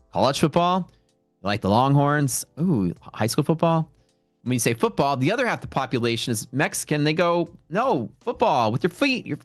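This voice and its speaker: A man's voice: on the low side, dry recording. A man hosting a livestream from home, rambling in casual chat and answering viewer questions. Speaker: livestream host and futures trader.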